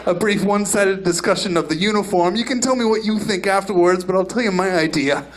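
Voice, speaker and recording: A man doing stand-up on a comedy club stage, delivering outrageous lines in a brash, deadpan way. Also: high voice, fairly quick. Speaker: stand-up comedian and channel host.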